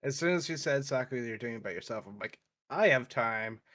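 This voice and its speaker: A man's voice: mid-range voice, animated, brisk, fairly bright tone. A man casting esports who chats casually on stream with a dry, joking delivery. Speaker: esports caster.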